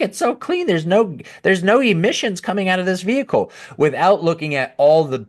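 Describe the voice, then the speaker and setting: A man hosting a podcast, reading from an article and breaking off into sarcastic, animated commentary with mock voices and laughter. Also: mid-range voice. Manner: sarcastic, animated, laughs at his own jokes. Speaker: podcast host. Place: at a computer.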